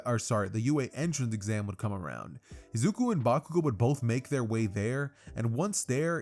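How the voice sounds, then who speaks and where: A young man with a medium-pitched, darkish voice narrates a fan-fiction story for his YouTube channel. His delivery is loose and rambling, packed with fillers.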